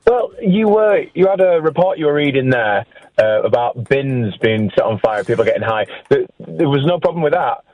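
A man with a Yorkshire accent, calling in to a radio show, friendly and quick to laugh at himself. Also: medium pitch, lively intonation, muffled recording, faint music behind. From West Yorkshire, England. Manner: friendly, chuckling, self-mocking. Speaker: caller. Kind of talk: casual phone-in chat.

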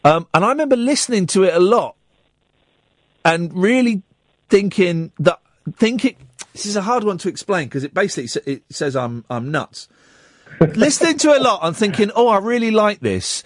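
A man's voice: high voice, moderate pace, no room sound, clean studio sound. A man hosting a radio show, chatting casually in a rambling way with many restarts. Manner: animated, rambling, stumbling restarts. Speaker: radio host.

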